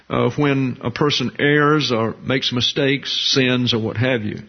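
A man preaching in a deliberate teaching manner, pausing and repeating words for emphasis. His voice sits at a middle pitch. The recording sounds slightly dull and lo-fi. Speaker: pastor. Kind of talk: sermon.

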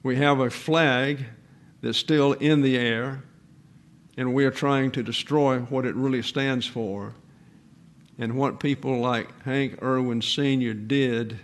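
A man in his eighties, a pastor giving a sermon in an earnest, measured way with pauses. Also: mid-range voice, steady tone. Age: 80s.

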